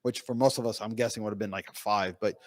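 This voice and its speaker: A man speaking as a pain physician at a conference, telling patient stories in an animated way with many fillers and restarts. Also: lowish voice, fast talker, dry recording. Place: conference room.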